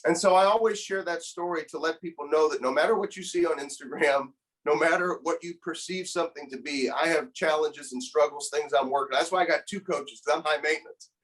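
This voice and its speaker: A man's voice: a little high, fairly quick, a bit bright, low-quality recording. A man in his thirties, a motivational speaker, telling a personal story in an earnest, emotional way and often repeating words as he starts a thought. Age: 30s. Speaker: guest, motivational speaker and coach. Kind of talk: conversational storytelling.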